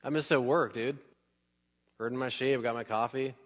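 A preacher acting out Moses as a bored shepherd, talking like a guy stuck at his job. The slang is offhand and loose, at a middling pitch. Long hall reverb trails behind each phrase. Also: fairly even intonation, normal speed, lightly acted.

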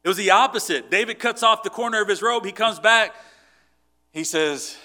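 A man's voice: sits high, normal speed, bright, forceful tone. A man preaching a sermon in an earnest, conversational way, often restarting his sentences. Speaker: pastor.

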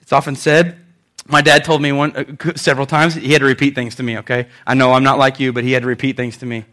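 A pastor preaching a sermon, animated and joking, acting out quotes as he goes. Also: mid-range voice, quick pace.

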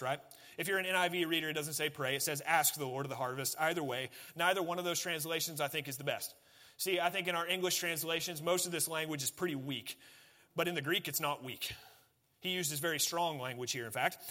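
A man's voice: fairly high pitch, pushed and bright. A male pastor preaching a sermon, talking casually with the congregation and building to emphatic, pleading passages.

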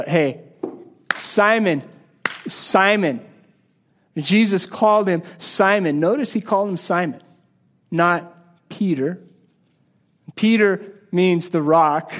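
A man delivers a sermon with a voice sitting fairly high for a male speaker. His teaching is casual and conversational rather than formal, with frequent repeats and restarts as he unpacks the text. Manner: repeats and restarts words while explaining. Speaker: pastor.

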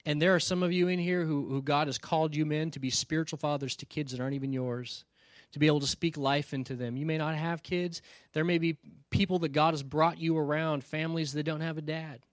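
A man's voice: fairly high pitch, fairly even intonation, brisk, no room sound, clean studio sound. A male pastor giving a sermon in a conversational, storytelling way, often checking in with "right?" and earnestly challenging his listeners.

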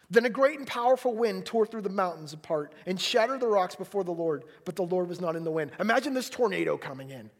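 Animated high-pitched male preacher. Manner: animated, drops to a hushed whisper when voicing God. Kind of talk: sermon.

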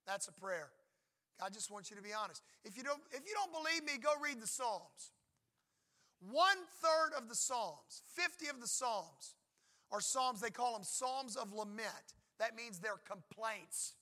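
A man's voice: very high voice, animated, a little slow, bright, forceful tone. A middle-aged male pastor preaching a sermon in a conversational, emphatic way, acting out short prayers and God's replies.

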